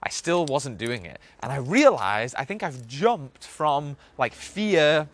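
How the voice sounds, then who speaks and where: A man's voice: on the high side, sing-song, slow pace. A young man hosting a podcast, talking in a loose, rambling, profane monologue full of filler words. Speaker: podcast host. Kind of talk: casual monologue.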